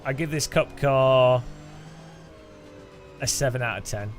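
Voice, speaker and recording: Slow-talking man streaming a game. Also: mid-range voice, over music. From English Midlands. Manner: rambling, jokey, chuckles often. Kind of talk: casual live-stream commentary.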